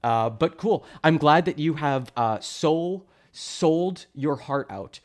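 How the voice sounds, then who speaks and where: A man's voice: on the high side, expressive, slow. A man from Canada ranting sarcastically on a live stream, mocking chat with laughs and put-on voices. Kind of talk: casual live-stream rant.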